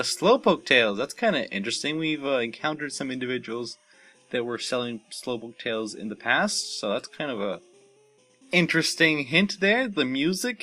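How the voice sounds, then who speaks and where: Bright-toned rambling young man. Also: mid-range voice. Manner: rambling and unsure, many fillers and self-corrections. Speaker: let's play host. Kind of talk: casual gameplay commentary. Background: faint game music.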